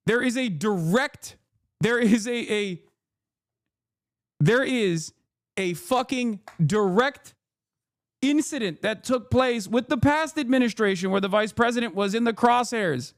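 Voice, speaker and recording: A man's voice: very high-pitched, a little slow, no room sound, studio quality. A man in his thirties streaming political reaction commentary, ranting in profane, incredulous bursts. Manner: incredulous, profane, emphatic rants.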